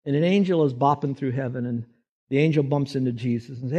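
Male pastor, emphatic sermon delivery, mid-pitched voice, slightly off-mic at times. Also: fast, mellow. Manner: emphatic preaching, voices quoted figures with rising pitch.

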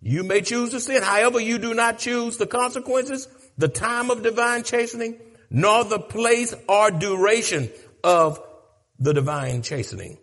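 A man preaching a sermon to a congregation. He repeats lines for emphasis and swings between low, quiet stretches and shouted peaks. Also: a little slow. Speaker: pastor.

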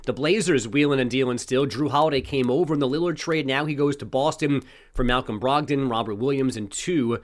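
A man reading a scripted sports news update with a brisk, headline-style delivery. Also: mid-range voice.

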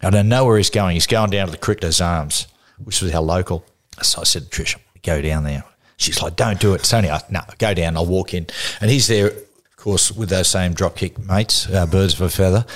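Deep-voiced Australian man telling stories. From Newcastle, Australia. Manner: lively anecdotal, laughs through stories. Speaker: guest. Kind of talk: casual interview storytelling.

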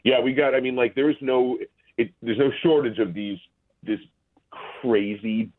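Husky man on a tinny phone line. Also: medium pitch, steady tone, unhurried. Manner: rambling, hesitant, full of restarts. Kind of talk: casual phone interview.

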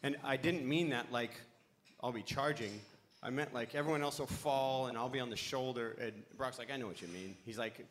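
A man's voice: mid-range voice, a little fast, a bit bright, a little hiss or hum. Middle-aged guy rambling thru a story on a panel, keeps losing the point, swears a lot. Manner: rambling, loses his thread, swears freely. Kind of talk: casual storytelling on a live panel.

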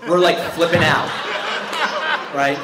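A man's voice: on the high side, fairly even intonation, slow pace, very noisy. A man from New Jersey telling a story live, out of breath and laughing through it. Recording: echoey room.

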